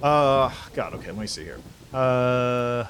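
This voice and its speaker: A man's voice: medium pitch, expressive, measured pace, fairly bright tone, a little hiss or hum. A man streaming a role-playing video game, chatting casually and rambling, poking fun at himself and swearing now and then. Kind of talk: casual gameplay commentary.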